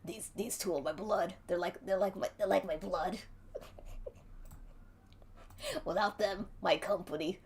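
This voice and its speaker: A woman voicing a boastful male wrestling promoter in a rough, throat-straining voice, with a showy, gushing manner. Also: lowish voice, fairly even intonation, moderate pace, a little hiss or hum, natural voice.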